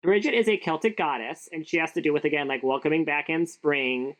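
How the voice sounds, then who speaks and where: A woman's voice: sits low, fairly quick, poor audio. A young woman cohosting a podcast in casual chat, giggly and sarcastic, with lots of "like".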